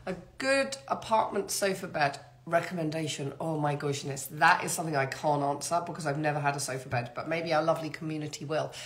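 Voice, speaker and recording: Chatty woman hosting a live Q&A. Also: low voice. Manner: chatty, reads greetings aloud and answers quickly. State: getting over a cold. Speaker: host answering viewer questions. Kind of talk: live Q&A chat reading out comments.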